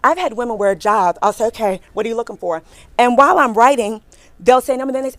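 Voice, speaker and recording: A middle-aged woman giving a lively workshop talk on careers to a live audience in a hall, emphatic and repeating her points, often checking in with "right?" and "okay?". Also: fairly high pitch, fast. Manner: acts out quotes with a bright smile in her voice.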